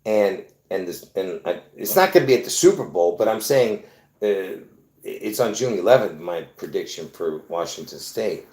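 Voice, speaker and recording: A man's voice: deep voice, lively intonation, normal speed, a little mellow, echoey room. A man talking straight to his viewers, repeating himself and restarting often as he insists on his point. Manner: repetitive, insistent, many restarts and fillers. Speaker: video host. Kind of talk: rambling explanation to viewers.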